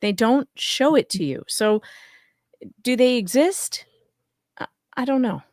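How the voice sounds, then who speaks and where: Lively higher-voiced woman co-hosting a stream. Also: a little slow, no echo, studio quality. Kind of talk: casual livestream commentary.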